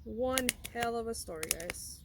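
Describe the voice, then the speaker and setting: A woman's voice: fairly high pitch, measured pace, heavy background noise. A young woman vlogger telling a personal story in a casual, rambling way with many fillers and restarts.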